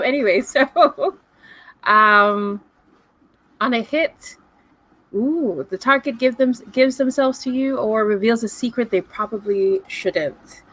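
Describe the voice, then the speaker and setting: A woman running a tabletop role-playing game over a video call, playful and animated, with dramatic gasps. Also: medium pitch, no echo, low-quality recording. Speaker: game master.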